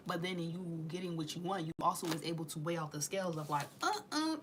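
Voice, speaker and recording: A woman's voice: fairly low pitch, slight background noise. Blunt, profane woman reading tarot. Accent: Southern US. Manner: blunt, profane, slangy, drops into whispers and sung lines. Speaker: tarot reader.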